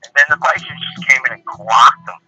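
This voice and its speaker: A man in casual sports chat who talks in an animated, profane way and cuts in on the other speaker. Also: mid-range voice, fairly quick, rough recording. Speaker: co-host.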